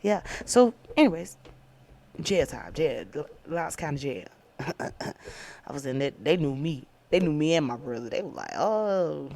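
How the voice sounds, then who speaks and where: Low gravelly woman giving testimony. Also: a little slow. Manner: animated, emphatic storytelling. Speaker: podcast host. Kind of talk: personal faith testimony. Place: downtown, indoors.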